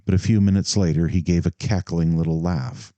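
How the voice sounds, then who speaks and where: Deep, mellow male audiobook narrator. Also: fairly even intonation, brisk, dry recording, dull audio. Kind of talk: scripted narration.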